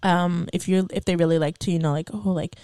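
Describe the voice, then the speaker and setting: A woman's voice: lowish voice, flat delivery, quick pace, warm tone, smooth, no room sound, studio quality. A woman co-hosting a podcast, chatting candidly and rambling with lots of fillers and blunt swearing. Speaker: podcast co-host. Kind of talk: candid casual chat about sex.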